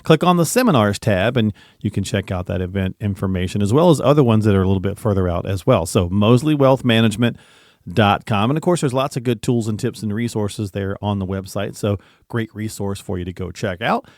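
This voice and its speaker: A lower-voiced man co-hosts a talk radio show, upbeat and promotional as he reads contact details and tees up questions. His voice is dry and close in a radio studio. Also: brisk, darkish tone, no room sound. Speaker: radio co-host.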